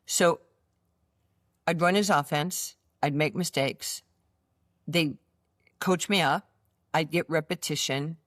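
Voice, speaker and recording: A woman in her sixties with a New York accent, telling animated stories as an interview guest and acting out the voices in them. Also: low voice, dry recording, clean studio sound. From United States. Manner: animated storyteller, acts out voices in her anecdotes. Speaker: interview guest, former basketball player. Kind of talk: casual storytelling interview.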